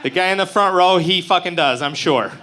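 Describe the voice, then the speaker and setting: A man's voice: sits high, a little fast, sharp tone. A man from Utah doing a profane, brash stand-up comedy set at an open mic. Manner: crude, profane, brash joking. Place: open mic stage before a live crowd.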